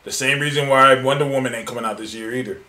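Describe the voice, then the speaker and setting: A man co-hosting a podcast in casual chat, animated and laughing often. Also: mid-range voice, fast talker. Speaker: podcast co-host.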